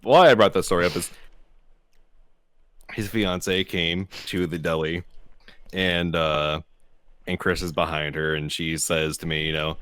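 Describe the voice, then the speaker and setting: A man's voice: low-pitched, fairly even intonation, a little slow, pauses often, a bit bright, clear, resonant tone, no echo. A young man co-hosting a podcast, telling profane stories about his job and laughing often. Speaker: podcast co-host. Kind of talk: casual storytelling chat.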